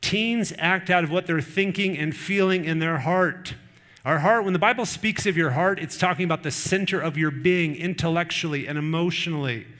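A man's voice: a little high, moderate pace, a bit bright. A middle-aged man preaching a sermon, earnest and conversational, with personal stories. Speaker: pastor.

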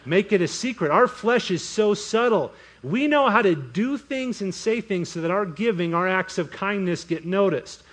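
A man's voice: high-pitched, expressive, moderate pace, few pauses, fairly bright tone. A man preaching a sermon as pastor, breaking into voiced asides and mock inner monologues.

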